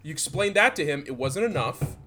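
A man's voice: on the high side, expressive, brisk, music in the background. A young man from Michigan co-hosting a podcast, rambling and swearing as he tells old work stories with laughs. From Southeast Michigan. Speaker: podcast co-host. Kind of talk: casual chat.

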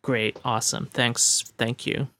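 A man's voice: medium pitch, level tone, unhurried, sharp tone. A man in an improv comedy scene, talking politely and hesitantly, with plenty of ums and restatements. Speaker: improv scene partner playing an Earth negotiator.

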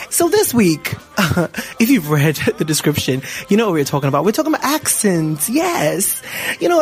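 A young man hosting a vlog, opening the episode in a playful, teasing way. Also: high-pitched. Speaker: host. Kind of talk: energetic vlog introduction.

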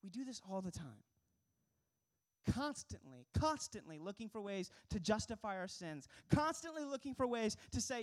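A man's voice: sits high, sing-song, moderate pace. Earnest young male pastor preaching. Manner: earnest, emphatic preaching with rhetorical questions. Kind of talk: sermon.

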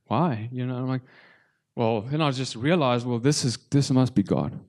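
Tearfully preaching his personal testimony to a congregation, a man stumbles and repeats words. His voice is medium-pitched and a little mellow.

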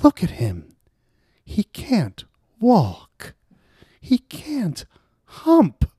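A man's voice: high voice, very slow, breathy edge, dry recording, clean studio sound, heavily acted. A man voicing a campy, theatrical convict who pleads showily for mercy. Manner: showy, animated pleading. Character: campy, theatrical male convict, flamboyant and kind.

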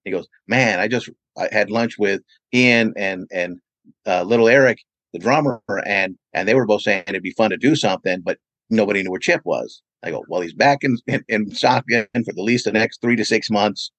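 A podcast guest from California who promotes events and works as a radio DJ answers interview questions with meandering stories, saying "you know" constantly. He has a lowish, slightly bright voice at a normal pace; the audio is poor, with no room sound.

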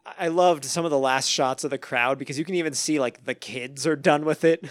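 A man hosting a casual podcast chat, animated and laughing, mockingly reading lyrics aloud. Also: fairly high pitch, a little fast, no echo. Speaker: podcast host.

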